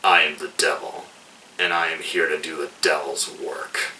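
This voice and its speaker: A man voicing a murderous, mocking male outlaw villain who shouts taunts and sneers. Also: extremely low pitch, fairly even intonation, normal speed, reverberant, recorded from a distance, a little hiss or hum, voice pushed down, exaggerated voice. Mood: cold menace.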